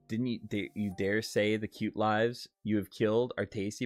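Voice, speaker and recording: A man's voice: lowish voice, level tone, moderate pace, few pauses, dry recording, faint music behind. A man live-streaming casual chat, reading viewer questions aloud with giggly, profane banter.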